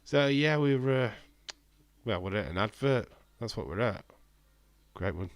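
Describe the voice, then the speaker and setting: A man with a fairly low, animated voice hosts a watch-along stream at a measured pace, trading jokes as he reads out and answers his viewers' chat. There's no echo on the recording.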